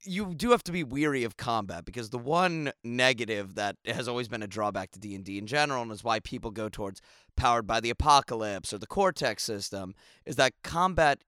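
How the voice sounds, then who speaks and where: A man's voice: medium pitch, lively intonation, brisk, fairly bright tone, no echo, studio quality. A man co-hosting a tabletop gaming podcast, chatting casually and laughing often. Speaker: podcast co-host.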